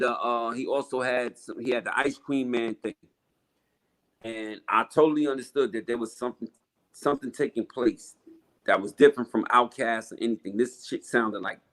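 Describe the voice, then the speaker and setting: A man's voice: mid-range voice, fairly bright tone, low-quality recording. Emphatic streetwise New man. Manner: emphatic, profane, streetwise slang. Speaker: guest rapper. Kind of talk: casual storytelling interview.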